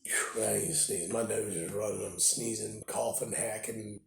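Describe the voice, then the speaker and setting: A man's voice: on the low side, fairly even intonation, normal speed, gravelly. A man with a cold and a stuffed-up voice, rambling casually into his phone camera at home, repeating himself and trailing off. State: congested with a cold. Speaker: toy collecting vlogger. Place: at home indoors. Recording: echoey room with faint noise.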